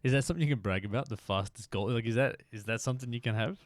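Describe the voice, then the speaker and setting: A man streaming a motorbike game live, chatting casually with viewers, joking at himself and now and then shouting at the game. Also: medium pitch, rapid-fire, dry recording. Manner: chatty, self-deprecating, bursts into shouts.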